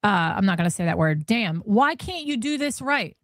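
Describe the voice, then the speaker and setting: A woman's voice: mid-range voice, big pitch swings, moderate pace, a bit bright, dry recording, clean studio sound. A woman host reading text messages aloud and reacting with disbelief and laughter. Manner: incredulous, laughing. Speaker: commentary host. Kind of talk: reading texts aloud with commentary.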